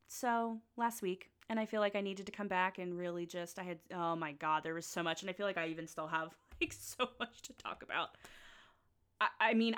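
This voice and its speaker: A woman's voice: mid-range voice, a bit bright, clean tone. A young woman hosting her own podcast in a rambling, playful, self-mocking chat that keeps breaking off mid-sentence. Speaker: podcast host. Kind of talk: casual solo podcast chat.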